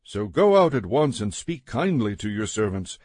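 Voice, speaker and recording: A man's voice: on the low side, big pitch swings, normal speed, a little mellow, dry recording, studio quality. A man reading the lines of a stern male army commander who rebukes his king.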